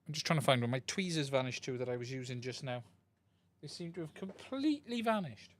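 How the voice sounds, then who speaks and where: His medium-pitched voice is expressive and fairly quick. Working at his bench on a live-streamed radio controller repair, he thinks aloud and talks with his viewers, speaking into a desk mic and swapping mics along the way.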